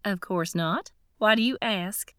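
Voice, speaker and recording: A pushy, sharp-tongued woman who talks in curt, demanding bursts, as a woman reader puts her on. The voice sits noticeably higher and brighter than the reader's own, recorded dry and close. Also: a little slow, smooth, dry recording, close to an everyday voice.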